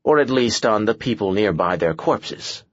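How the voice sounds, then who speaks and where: A man's voice: fairly low pitch, lively intonation, moderate pace, dry recording, dull audio, lightly acted. Man doing a fussy, gloomy pedant. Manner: precise, dryly gloomy. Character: fussy pedantic male scholar.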